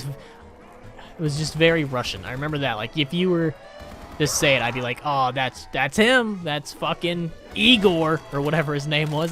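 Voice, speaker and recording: A man's voice: mid-range voice, fairly bright tone. A man telling a story in casual, profane commentary while playing a video game, ranting with lots of energy. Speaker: gaming YouTuber.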